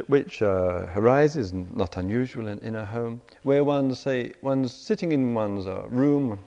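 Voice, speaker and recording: A middle-aged man giving a meditation talk, telling everyday stories with lively, acted-out quotes. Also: lowish voice, gravelly, muffled recording. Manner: animated storytelling, acts out quoted voices. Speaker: meditation teacher. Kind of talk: dharma talk to retreat audience. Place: retreat center meditation hall. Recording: reverberant hall recording.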